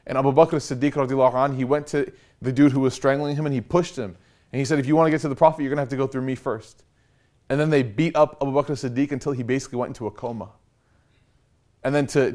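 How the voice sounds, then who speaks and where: A young man giving a casual storytelling lecture, animated and conversational with slangy asides. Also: medium pitch. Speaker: preacher.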